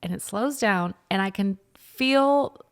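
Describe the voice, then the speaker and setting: A woman's voice: mid-range voice, slow. A young woman co-hosting a podcast, telling a personal story in an earnest, reflective way with many fillers. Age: young adult. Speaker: podcast co-host, wife. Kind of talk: casual chat.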